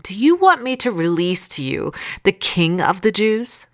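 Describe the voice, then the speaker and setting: A woman's voice: medium pitch, big pitch swings, measured pace, voice pushed up. A woman voicing a stern but uneasy male Roman governor who pleads and reasons with a crowd. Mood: questioning.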